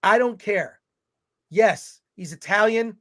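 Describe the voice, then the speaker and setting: A man's voice: sits high, takes it slowly, fairly bright tone. A man co-hosting a film livestream, ranting animatedly and reading viewer comments aloud. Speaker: podcast co-host reading chat.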